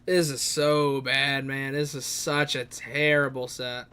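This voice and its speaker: A young man giving casual gameplay commentary, muttering in frustration, swearing, now and then shouting in outrage. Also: mid-range voice, flat delivery, slow, clear, resonant tone. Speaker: gamer playing a randomized action game. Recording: faint game music behind.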